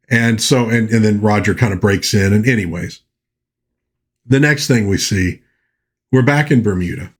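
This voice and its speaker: A man reviewing an old film, retelling its plot in a chatty, animated way with frequent restarts. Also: fairly low pitch, moderate pace, pauses often. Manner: chatty, animated, lots of you-knows and restarts. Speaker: movie reviewer.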